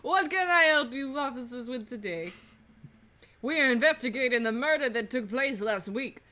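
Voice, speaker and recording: A woman's voice: sits high, expressive, moderate pace, pushed and bright. A woman voicing a theatrical bird detective in a video game, with a put-on Southern US accent. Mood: formal. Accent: mock Southern US. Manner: drawling, theatrical.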